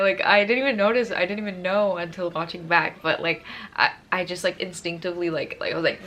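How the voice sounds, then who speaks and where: A woman's voice: lowish voice, fairly even intonation, fast, a bit bright. A young woman vlogger telling a personal story in a casual, gushing and emotional way, full of fillers.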